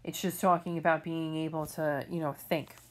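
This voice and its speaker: In a recorded remote lesson, an English teacher walks her students through reading questions, explaining patiently and checking in with "okay?" often. She speaks in a low voice with a level tone at a moderate pace.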